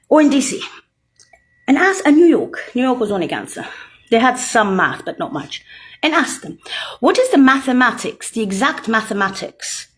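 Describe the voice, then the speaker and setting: A woman in a profane, rambling rant, mocking and swearing heavily, jumping between loud outbursts and low muttering.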